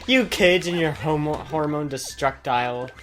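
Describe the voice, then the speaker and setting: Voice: mid-range voice, moderate pace, a bit bright. A gaming co-host reacting with wry, amused comments during a story. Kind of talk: casual gaming chat.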